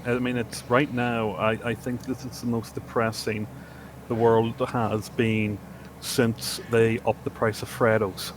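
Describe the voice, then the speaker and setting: A man's voice: mid-range voice, little pitch movement, background noise. A man with an Irish accent, a player telling dry jokes at the table. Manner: dry, joking, quick storytelling. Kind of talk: casual chat at a game table.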